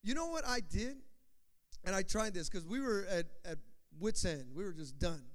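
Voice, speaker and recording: A man's voice: high-pitched, lively intonation, normal speed. A man pastor preaching a sermon in a church, emphatic and repetitive, putting questions to the congregation. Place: church sanctuary. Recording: long hall reverb.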